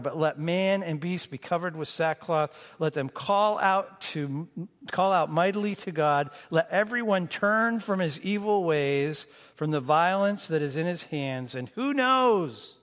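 A man preaching a sermon as pastor, moving between emphatic bursts and hushed, slow lines. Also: on the high side. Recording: long reverb of a church hall.

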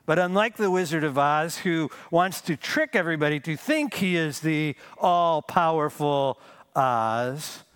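A man preaching a sermon as pastor, emphatic, repeating key phrases and slowing down to stress them. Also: fairly high pitch, fairly bright tone, smooth.

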